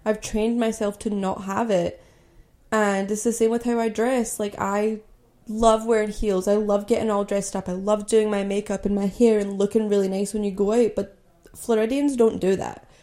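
A woman's voice: medium pitch, level tone, moderate pace, warm tone. A young woman from Scotland hosting a podcast, telling a personal story in a candid, conversational way with lots of "like" and "you know". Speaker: podcast host.

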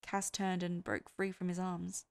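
A woman who hosts a podcast, narrating fan fiction in a soft, even storytelling way. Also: fairly low pitch, measured pace, vocal fry. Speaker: podcast host and reader.

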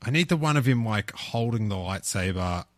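A man's voice: lowish voice, animated, no echo. Podcast host, man, chatty, stumbles and restarts, dry room. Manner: halting, restarts a lot, laughs easily. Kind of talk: casual chat.

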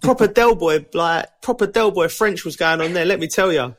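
A man's voice: high voice, moderate pace. A man, a podcast co-host telling stories in a chatty, laddish way with plenty of restarts. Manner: chatty storyteller, laddish slang, many restarts. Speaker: co-host, former footballer. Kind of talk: casual podcast chat.

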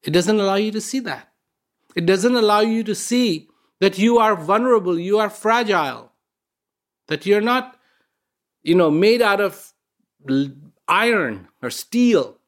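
A man's voice: high-pitched, animated, unhurried, long pauses. A man hosting an inspirational talk, earnest and emphatic, repeating key words and asking rhetorical questions. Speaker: speaker, show host.

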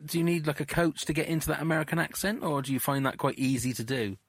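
A man with a fairly high voice hosts a casual podcast interview. He asks questions enthusiastically, hedging with fillers as he goes. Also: quick pace, slightly rough, no room sound, studio quality. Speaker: podcast co-host.

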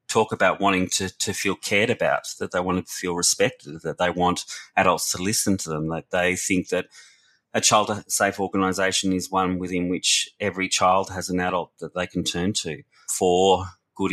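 Earnest man, very deep voice. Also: fairly bright tone. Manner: earnest, reflective, frequent restarts. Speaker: researcher and former youth worker. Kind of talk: conversational podcast discussion.

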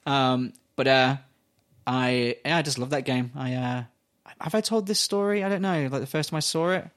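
A man's voice: mid-range voice, normal speed. Swearing British man telling stories. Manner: swearing, animated storytelling with acted-out voices. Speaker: podcast co-host. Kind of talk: casual chat.

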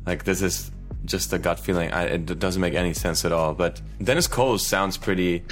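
A man's voice: sits low, a little fast, faint music behind. A man co-hosting a podcast quiz segment in casual chat, laughing often and restarting his sentences.

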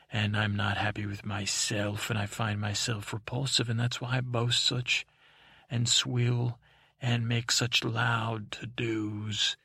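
A man's voice: on the low side, creaky, sharp tone, breathy edge, no echo, full character voice. A man voicing a boastful, drunken male pirate who blusters and rambles, in a bedtime story. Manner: blustering, then rambling and self-pitying.

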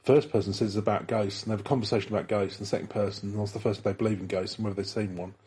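A man's voice: on the low side, fairly even intonation, rapid-fire, a little mellow, slightly rough. A British man co-hosting a casual podcast chat, rambling and chuckling as he tells ghost stories. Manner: rambling, many restarts and chuckles. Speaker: podcast co-host.

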